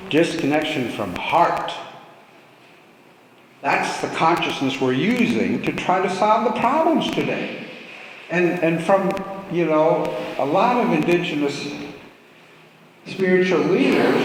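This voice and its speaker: A man from Alaska giving a reflective storytelling talk to a gathering, with playful asides. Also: a little high. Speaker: speaker at a gathering. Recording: echoey hall, long reverb, faint hum.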